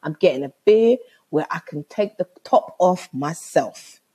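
Woman, casual comic storyteller, husky and mellow, exasperated and swears a lot. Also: on the low side, measured pace. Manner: animated, exasperated, swears freely.

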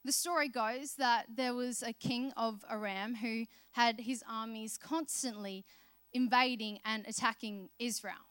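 In a sermon, a woman relates Bible stories as if chatting, performing each character's lines. Her voice is on the high side, a little slow and fairly even in intonation, with a slightly bright, smooth quality. There's no echo.

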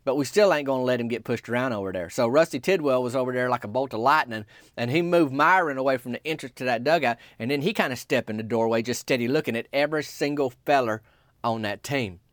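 A man telling a comic story in a rambling, deadpan, folksy way. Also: mid-range voice, fast talker, dry recording, studio quality.

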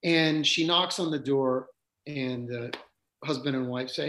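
A man telling spiritual stories at a slow, deliberate pace. His voice sits in an ordinary middle pitch. He is reflective and unhurried, often pausing to gather his thoughts. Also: fairly bright tone. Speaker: yoga teacher.

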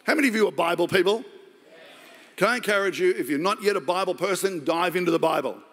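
An Australian man preaching a sermon as pastor, jokey and animated, acting out the voices of the story. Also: high-pitched, fast talker. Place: large church hall. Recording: long hall reverb.

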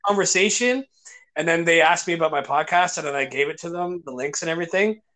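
A man's voice: fairly high pitch, fast, pushed and bright. A man hosting a podcast, telling stories in casual chat with lots of fillers and restarts. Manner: enthusiastic storytelling with many fillers and restarts. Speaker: podcast host.

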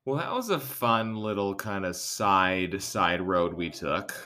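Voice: sits low, expressive, slow, sharp tone. A co-host on a casual podcast who talks in a laid-back, slangy way.

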